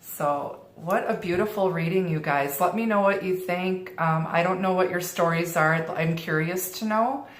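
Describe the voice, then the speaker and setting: A woman's voice: lowish voice, normal speed, few pauses. A middle-aged woman giving a tarot reading in a reassuring way, often repeating and restarting her phrases. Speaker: tarot reader. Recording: roomy echo.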